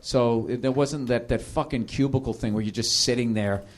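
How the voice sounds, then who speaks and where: A man hosting a podcast, telling casual comedic stories in a profane way, laughing and slipping into animated impressions. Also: medium pitch, moderate pace. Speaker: podcast host.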